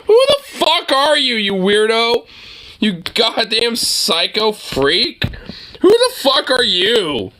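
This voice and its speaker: A young streamer rants at a debate clip, swearing hard and laughing between stammered lines. The pitch swings widely and the tone stays bright and sharp. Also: sing-song, takes it slowly, a little hiss or hum. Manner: profane, mocking outbursts with laughter and stammering. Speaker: streamer reacting to a political debate. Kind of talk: live reaction commentary.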